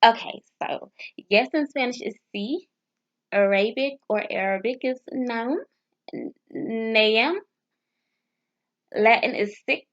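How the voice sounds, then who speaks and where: In a casual language practice vlog with dull lo-fi sound, a woman with a slightly high voice sounds out foreign phrases haltingly. She keeps restarting and adds nervous, self-deprecating asides.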